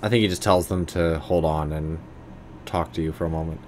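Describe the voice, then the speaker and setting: A man's voice: a bass voice, fairly even intonation, fairly quick, a little mellow, a little hiss or hum. A man streaming a game, reading its text and adding sarcastic, casual remarks. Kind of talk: game let's play commentary and reading.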